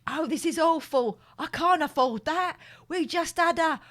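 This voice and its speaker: A woman's voice: on the high side, animated, normal speed. Casting: woman doing a distraught man on the phone, pleading and tearful. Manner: pleading, overwrought, near tears. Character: panicking man fretting over stolen money and new baby.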